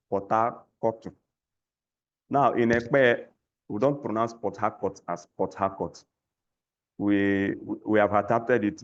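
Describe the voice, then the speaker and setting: Low-voiced male language teacher on a dull lo-fi call line, patient and repetitive. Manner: patient, repeats words for learners to echo. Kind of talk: online language lesson. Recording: lo-fi call audio.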